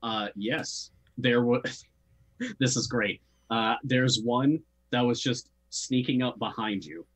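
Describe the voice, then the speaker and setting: A man's voice: mid-range voice, takes it slowly, breathy edge. A man narrating as game master in a casual tabletop session, describing scenes loosely with fillers.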